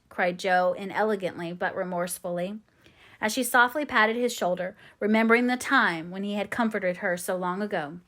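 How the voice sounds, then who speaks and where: A woman's voice: medium pitch, moderate pace, a bit bright. Woman narrating a classic novel. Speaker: audiobook narrator. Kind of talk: unabridged audiobook narration.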